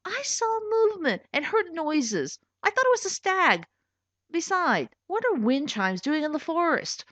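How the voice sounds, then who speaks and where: A woman voicing an impulsive young girl archer who pleads in a high, eager voice. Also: sing-song, unhurried, a bit bright, no room sound, full character voice. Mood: earnest. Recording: dull lo-fi recording.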